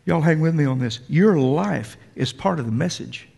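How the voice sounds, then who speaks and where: Preacher with a gravelly voice. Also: male voice, a little high, lively intonation, normal speed, warm tone. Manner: emphatic, repetitive, talks directly to the congregation. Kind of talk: sermon. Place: church sanctuary. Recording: long hall reverb.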